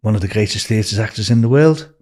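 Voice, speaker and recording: An older Englishman with a Liverpool accent speaks briskly in a fairly low, darkish voice. As a podcast interview guest, he tells long anecdotes, restarting sentences and swearing along the way.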